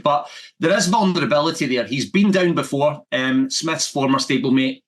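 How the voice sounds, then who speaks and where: A man giving measured analysis as a boxing pundit. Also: mid-range voice. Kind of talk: boxing commentary.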